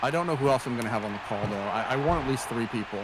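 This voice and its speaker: A man's voice: mid-range voice, animated, rapid-fire, a crowd in the background, background noise. A man hosting a game stream, chatting in a jokey, rambling way. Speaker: streamer host. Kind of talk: casual gaming stream chat.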